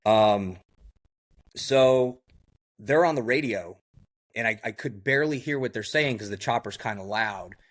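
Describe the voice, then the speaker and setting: A man who is a podcast guest, telling a survival story in a lively way and acting out what others said, often saying "like" and "you know.". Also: on the low side, unhurried, long pauses. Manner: heavy use of "like" and "you know".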